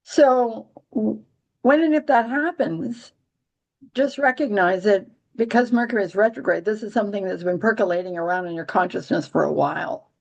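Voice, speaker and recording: A woman's voice: mid-range voice, normal speed, creaky, highs cut off. A woman hosting a casual astrology chat, rambling with many restarts and dry, giggly humor. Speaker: astrology podcast host.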